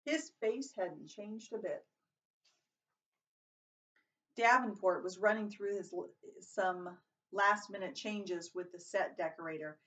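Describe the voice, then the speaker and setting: A woman reads a first-person novel aloud in a plain, unhurried voice, now and then stumbling and correcting herself. She sits a little away from the microphone, so the voice sounds somewhat distant. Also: mid-range voice, a bit bright. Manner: plain reading with occasional stumbles and self-corrections. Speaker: reader.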